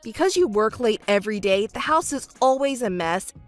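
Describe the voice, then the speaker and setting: For a texting-story voice-acting piece, a woman plays an arrogant, self-important young fiancé who scornfully scolds and talks down to his partner. Her expressive voice is a little high, at a moderate pace, and stays close to her everyday voice. The recording is dry, with soft music in the background.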